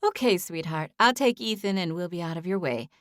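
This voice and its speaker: A woman's voice: lowish voice, animated, a little fast, no room sound, studio quality, lightly acted. A woman voicing a kind, flustered grandmother who fusses and talks on and on, in an audiobook. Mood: kindly.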